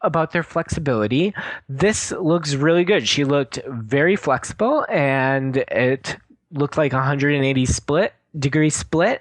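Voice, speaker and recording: A man's voice: on the high side, expressive, a little slow, no echo, poor audio. A man with a Wisconsin accent co-hosting a podcast, reading a casual news roundup and laughing easily. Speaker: podcast co-host.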